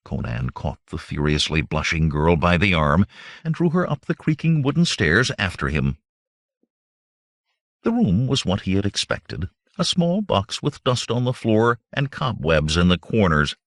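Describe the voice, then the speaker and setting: A man's voice: low-pitched, sing-song, unhurried, fairly bright tone, no room sound, clean studio sound. A man narrating a fantasy novel as an audiobook, reading dramatically. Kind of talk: scripted narration.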